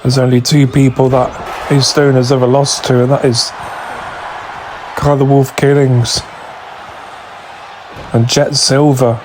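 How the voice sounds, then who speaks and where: A man giving excited play-by-play wrestling commentary, shouting through near falls, his voice going hoarse from screaming. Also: mid-range voice, unhurried, long pauses, background noise. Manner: shouting near counts, voice straining.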